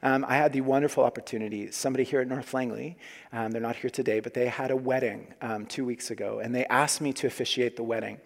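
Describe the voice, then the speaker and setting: A man in his forties preaching a sermon as pastor, earnest, moving between loud emphasis and quiet hushed asides. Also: medium pitch, fairly even intonation, fast, gravelly. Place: church sanctuary. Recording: long hall reverb.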